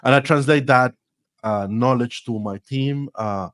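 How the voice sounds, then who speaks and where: A man in his forties from Costa Rica, speaking English with a Costa Rican Spanish accent, telling stories as a podcast guest, lively and laughing, with frequent restarts. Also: medium pitch, measured pace, dry recording. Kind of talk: storytelling interview.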